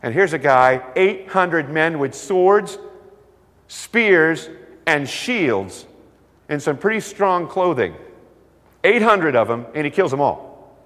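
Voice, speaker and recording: A man preaching a sermon, telling stories with lively delivery and acting out the voices of the people in them. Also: fairly high pitch, slow, long pauses. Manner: animated storytelling, acts out voices. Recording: long hall reverb.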